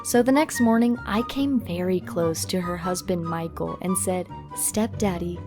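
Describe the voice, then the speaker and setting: A woman narrating a scripted first-person story in an even, steady delivery. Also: lowish voice, normal speed, over music.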